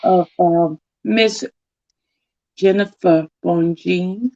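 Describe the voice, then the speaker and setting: Woman host, livestream chat, slow and gravelly, mellow dark tone, dull lo-fi sound. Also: lowish voice, lively intonation, no echo. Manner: greets viewers one by one by name, slow and drawn out. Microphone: computer or phone mic.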